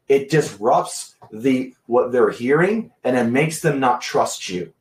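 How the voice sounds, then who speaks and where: A man giving a sales training talk, emphatic and deliberate, pausing for effect. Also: mid-range voice, expressive. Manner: emphatic, deliberate pacing with long pauses. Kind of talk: instructional talk to camera. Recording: echoey room.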